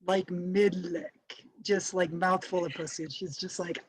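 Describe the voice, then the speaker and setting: A woman's voice: on the low side, steady tone, measured pace, breathy edge, no room sound. A woman doing a crude stand-up set at an online comedy show, laughing at her own punchlines. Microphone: online show, own mic.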